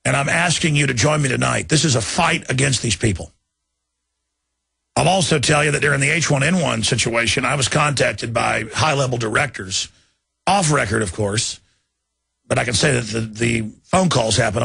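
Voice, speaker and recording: A male talk radio host ranting with urgency, his voice raspy and gravelly, forceful and fairly high. He pleads and presses his listeners in a long indignant monologue. The sound is dry and close, with faint music underneath. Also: no echo.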